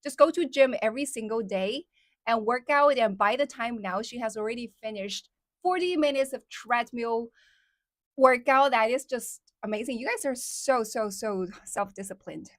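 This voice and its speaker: Young woman streamer, Chinese accent, chatty, higher voice, dry close sound, casual. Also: moderate pace, no echo. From China. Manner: chatty, many fillers, reads out viewer comments. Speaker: live streamer. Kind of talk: casual live-stream chat.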